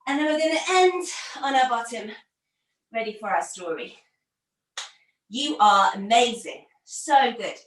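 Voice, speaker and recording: A woman leading a storytelling yoga class for young children, playful and encouraging, giving gentle instructions. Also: on the high side, animated, unhurried, pauses often, far from the mic. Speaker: kids yoga teacher. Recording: roomy echo, from off the mic.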